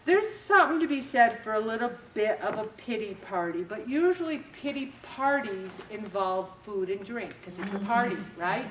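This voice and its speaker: A woman hosting a faith talk show, giving a motivational talk in an animated, self-mocking way and acting out little scenes. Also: a little high, moderate pace, hardly any pauses, a little hiss or hum. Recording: roomy echo, distant mic.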